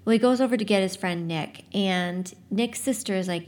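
A woman talks about a book in a relaxed, chatty way, acting out the characters' lines with "he's like". When she reads the passage aloud, her delivery is lively and expressive. Her voice sits at an ordinary middle pitch. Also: moderate pace, hardly any pauses. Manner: chatty, relaxed, frequent "like" quotes; expressive first-person reading. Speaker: book talk presenter. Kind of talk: casual book talk and read-aloud excerpt.

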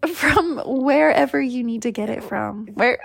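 Podcast host, woman in her forties, fry-heavy, higher-pitched, giggly and rambling. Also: measured pace. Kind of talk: casual chat.

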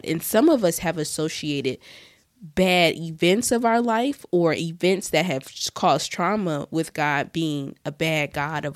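A woman's voice: lowish voice, a little slow, no echo, clean studio sound. A young adult woman hosting a podcast, talking to listeners about faith in an earnest, heartfelt way, with restarts and asides. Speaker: podcast host. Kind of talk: casual faith talk to listeners.

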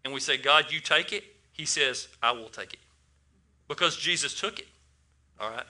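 A man's voice: a little high, normal speed, pushed and bright. A man preaching a casual sermon to a congregation, asking them questions and often repeating his words.

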